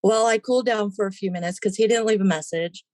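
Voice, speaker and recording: A woman's voice: mid-range voice, fast, darkish tone, no room sound. A woman, a podcast guest, telling her personal story in a casual interview and animatedly acting out the voices in it.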